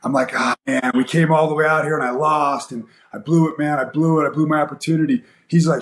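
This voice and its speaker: A man's voice: fairly high pitch, fast, hardly any pauses, slight background noise. A man in his forties, a guest fighter and coach, telling a story in a casual interview with lots of fillers and acted-out quotes. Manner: animated storyteller, acts out quoted voices, many fillers. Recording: echoey room.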